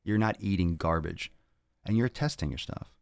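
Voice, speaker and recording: A man's voice: low voice, moderate pace, creaky, no room sound, clean studio sound. A man hosting a fitness podcast, answering viewer questions in a blunt, profane, ranting way.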